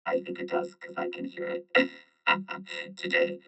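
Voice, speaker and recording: A woman speaking through a robot voice filter as a droning robot, announcing in a deadpan way. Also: extremely low pitch, slow pace, creaky, soft background music, pitched below the performer's own voice, full character voice. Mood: playful. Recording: dull lo-fi mixer effect.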